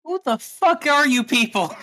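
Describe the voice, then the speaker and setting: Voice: sits high, lively intonation, normal speed, bright, forceful tone, dry recording, studio quality, pitched above the performer's own voice. A player voicing a terrified young woman in a tabletop game, drawing out each angry word. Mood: panicked.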